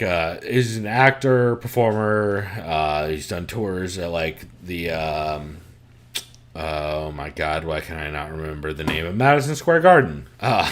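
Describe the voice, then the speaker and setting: A man hosting a podcast, chatting casually from his room at home, rambling, laughing often and swearing freely. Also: fairly low pitch. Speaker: podcast host.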